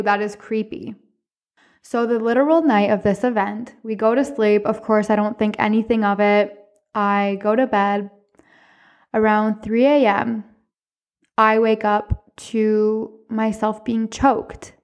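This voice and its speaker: A woman hosting a podcast, telling a personal ghost story in a chatty, animated way. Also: fairly high pitch. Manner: chatty, animated retelling with profanity. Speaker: podcast host. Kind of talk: casual storytelling monologue.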